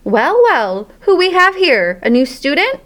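A woman's voice: a little high, big pitch swings, normal speed. A woman voicing a friendly, joking middle-aged male janitor in a storybook reading.

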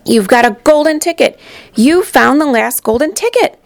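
A woman voicing a fat, jolly male shopkeeper who shouts with excitement, in a storybook reading. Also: sits high, moderate pace, vocal fry, no room sound, voice pushed up. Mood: excited.

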